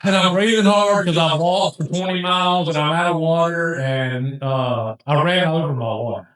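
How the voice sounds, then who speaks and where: Man, casual podcast storyteller, rambling and animated, slightly high voice, very echoey room. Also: normal speed. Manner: rambling, animated, many restarts and asides. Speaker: podcast host telling a hunting story.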